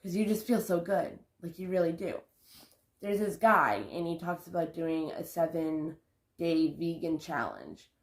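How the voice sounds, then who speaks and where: Animated and measured in pace, this vlogger's lowish voice carries some reverb. She chats loosely to the camera about spiritual growth, wandering, revising her words, and punctuating them with sighs and laughter.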